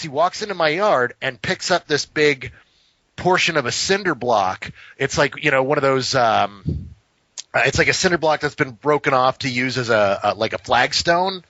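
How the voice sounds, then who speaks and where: A man, a podcast co-host, tells a long story in casual talk. He is animated and profane, and he acts out each person in it. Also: medium pitch, normal speed, no room sound. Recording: slightly dull, dry recording.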